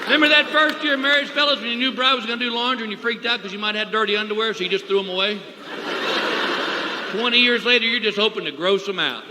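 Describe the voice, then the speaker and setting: A man's voice: sits high, fast. A middle-aged man doing a folksy stand-up routine on a live stage, acting out his wife and himself. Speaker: stand-up comedian. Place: live comedy venue with audience. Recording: echoey hall with loud crowd noise. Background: audience laughter.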